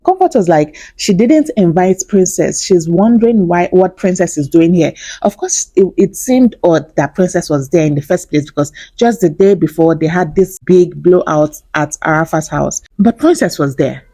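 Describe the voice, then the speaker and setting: Woman, lowish voice, dry close sound, chatty gossip recap with laughs. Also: lively intonation, normal speed, few pauses, mellow, slightly rough, no echo. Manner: chatty, with frequent laughs and asides. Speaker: reality TV recap host.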